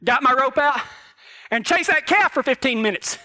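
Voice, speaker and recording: A man preaching a sermon as a cowboy church pastor, telling folksy ranch stories and swinging between hushed moments and loud outbursts. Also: very high-pitched, animated, normal speed.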